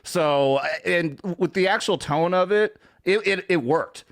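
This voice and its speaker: A man's voice: high-pitched, unhurried, dry recording, clean studio sound. A man hosting a casual livestream, rambling and swearing freely, with many fillers and restarts. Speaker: show host.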